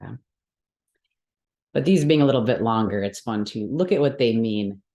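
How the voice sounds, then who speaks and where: In an echoey, roomy room, a woman with a very deep, dark voice and lively intonation teaches a Sanskrit mantra workshop at normal speed. She explains the rules patiently step by step, checking in with her students often.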